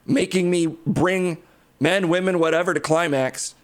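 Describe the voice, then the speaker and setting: Brash undead billionaire hero, a man puts him on, cocky and crude, pitched a little high. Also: steady tone, measured pace, clean tone. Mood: boastful. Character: brash reanimated male superhero tech genius, boastful. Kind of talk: improvised comedy impression.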